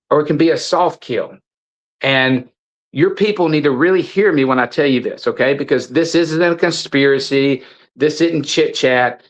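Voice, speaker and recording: A man's voice: medium pitch, rough recording. A man, an interview guest, telling a story with emphatic, preachy urgency, often stumbling and repeating words. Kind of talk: impassioned storytelling in conversation.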